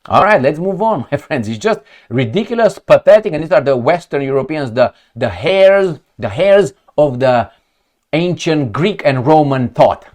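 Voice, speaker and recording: Sarcastic, animated male commentator. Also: fairly high pitch, normal speed. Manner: sarcastic, animated, swears, talks to viewers as friends. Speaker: political commentator. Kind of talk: casual commentary reading articles on screen.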